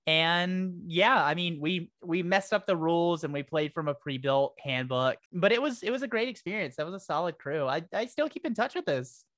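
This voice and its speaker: A man's voice: a little high, lively intonation, normal speed, few pauses, a bit bright, no room sound, clean studio sound. A man talking casually and cheerfully about playing tabletop games with friends. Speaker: podcast guest, tabletop player. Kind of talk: casual chat.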